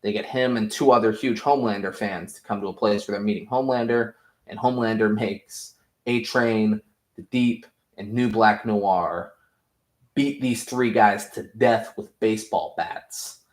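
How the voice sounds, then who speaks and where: A man hosting a show review, talking through the plot in a loose, rambling way, full of fillers and swearing. His voice sits on the low side, and the recording carries a noticeable room echo. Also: fairly even intonation, moderate pace. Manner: rambling, profane, heavy on "like" fillers. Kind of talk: casual episode recap.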